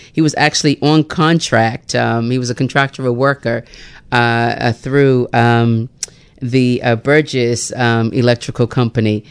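Lively woman host with a smooth voice. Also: a bass voice. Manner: lively, laughs often, many fillers. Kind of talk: casual storytelling chat.

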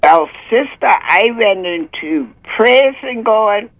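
A woman's voice: mid-range voice, expressive, slow pace. An older woman calling in to share a religious testimony, fervent and breaking into praise, her voice catching with emotion. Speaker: caller sharing a testimony. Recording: muffled phone line.

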